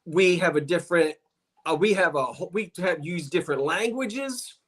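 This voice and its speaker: A man with a South Jersey accent chats through a home livestream, his voice sitting a touch high. He greets viewers by name, asks curious questions and often restarts his sentences. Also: moderate pace. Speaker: livestream co-host. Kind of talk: casual live-stream chat.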